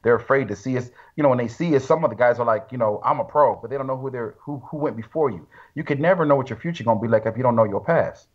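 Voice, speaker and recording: A man in his forties talking in casual chat, reflective and relaxed, with slang and asides like "you know what I mean". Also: mid-range voice, racing, few pauses, dull audio. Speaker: guest.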